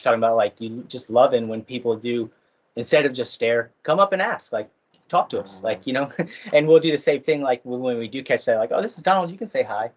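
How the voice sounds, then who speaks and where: Chatty laughing dad on a podcast. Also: male voice, medium pitch. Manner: chatty, laughing often, many fillers. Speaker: podcast guest, father. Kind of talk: casual interview chat. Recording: dull lo-fi audio.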